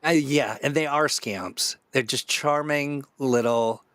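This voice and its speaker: A man's voice: mid-range voice, slow pace, a bit bright, clean tone, dry recording. A man hosting a casual online chat, joking around, rambling through playful tangents and laughing often. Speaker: host.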